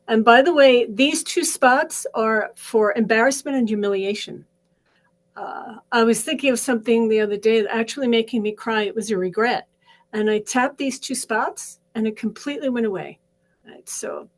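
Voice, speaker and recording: Middle-aged woman, wellness coach leading guided exercise, gentle and rhythmic, voice a touch high. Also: normal speed, low-quality recording. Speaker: wellness practitioner leading a session. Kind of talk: guided tapping exercise instruction.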